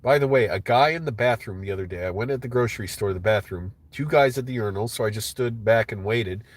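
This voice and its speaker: A man's voice: lowish voice, fast talker, dry recording. A man hosting a livestream, ranting casually and angrily with lots of swearing. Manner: profane, agitated ranting. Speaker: livestream host.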